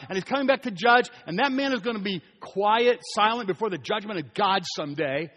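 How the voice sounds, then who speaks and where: A man's voice: sits high, fairly bright tone. A man preaching a sermon as pastor, emphatic, repeating key phrases and putting questions to the congregation. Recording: long reverb of a large hall.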